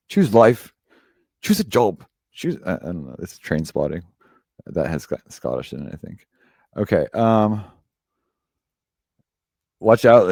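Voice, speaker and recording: Male host reading horoscopes, lowish voice, dry sound, loose and chatty with lots of "um" and restarts. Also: gravelly, a little mellow, no room sound. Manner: rambling, chatty, full of fillers and self-corrections. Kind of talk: casual live-stream chat.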